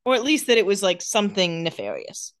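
A woman co-hosting a casual podcast, recapping a TV episode and paraphrasing its dialogue. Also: medium pitch. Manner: animated, reads out dialogue in quick paraphrase. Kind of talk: casual chat.

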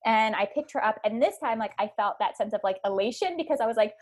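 A woman's voice: medium pitch, quick pace. Chatty woman telling a birth story. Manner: animated storytelling, many likes and ums. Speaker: podcast guest.

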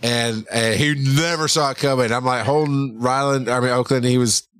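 A middle-aged man co-hosting a podcast, an animated storyteller who laughs often in casual chat. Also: mid-range voice, moderate pace, clean tone, no echo. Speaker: podcast co-host.

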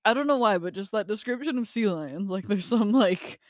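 A woman's voice: medium pitch, expressive, a little fast, dry recording, clean studio sound. A woman co-hosting a podcast in casual chat, upbeat, laughing often and reading from her notes. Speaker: podcast co-host.

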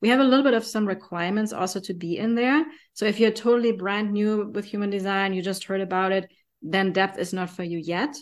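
A woman's voice: mid-range voice, fairly even intonation, a little fast. A woman with a German accent, hosting a podcast in casual, enthusiastic chat with frequent fillers. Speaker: podcast host.

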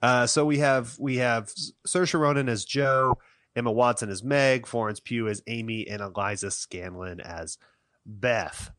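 Male co-host, forceful bright voice, dry close sound, casual rambling film talk. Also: mid-range voice, unhurried, no echo. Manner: rambling, joking, many restarts. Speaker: podcast co-host.

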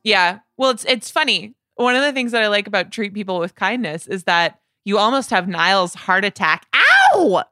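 A woman's voice: mid-range voice, normal speed, few pauses, pushed and bright, clean tone, no echo, studio quality. A woman co-hosting a podcast, chatting casually and playfully about an album, laughing now and then. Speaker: podcast co-host. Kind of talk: casual music discussion.

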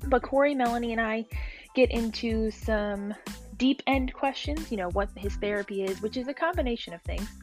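A woman's voice: on the high side, moderate pace, soft background music. A woman hosting a casual podcast, bubbly and chatty, who laughs often as she introduces the episode. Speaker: podcast host.

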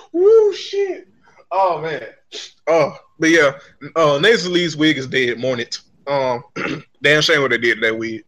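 A man co-hosting a podcast, telling stories in an animated, profane, laugh-filled casual chat. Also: a little high, a little slow. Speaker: podcast co-host.

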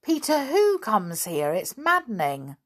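A woman voicing an excitable, curious young schoolboy in a storybook reading. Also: mid-range voice, a little slow, voice pushed up. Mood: eager. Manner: eager, exclaiming.

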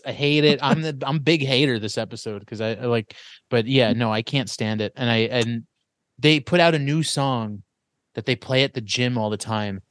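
A man's voice: medium pitch, normal speed, fairly bright tone, no echo. A man co-hosting a casual podcast, blunt and ranting with plenty of swearing. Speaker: podcast co-host.

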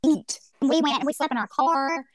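A woman from Mississippi with a Mississippi Southern accent, telling animated stories as a podcast guest, acting out the people she quotes and often restarting her sentences. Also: sits high, normal speed, dry recording. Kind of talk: casual storytelling chat.

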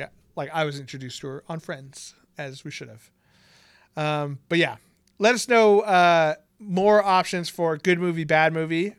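A man's voice: a little high, fairly bright tone, clean tone, dry recording. A young man co-hosting a podcast in casual chat, laid-back and jokey, laughing often. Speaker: podcast co-host.

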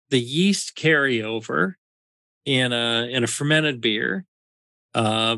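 A man hosting a podcast, talking through answers in an easygoing, chatty way with plenty of fillers. His voice is bright and clear at a middle pitch, recorded close and dry. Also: no room sound. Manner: chatty and explanatory, many fillers. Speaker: podcast host. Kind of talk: casual podcast chat.

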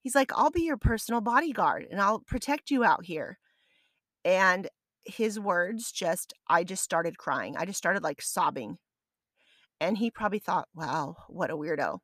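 A woman in her thirties hosting a podcast, telling a personal story in a casual, animated way and acting out the voices in her quotes. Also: medium pitch, unhurried, no room sound. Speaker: podcast host.

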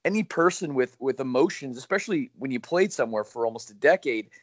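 A man's voice: medium pitch, lively intonation, quick pace, dry recording. A man in a casual hockey chat, making reasoned points and asking pointed rhetorical questions.

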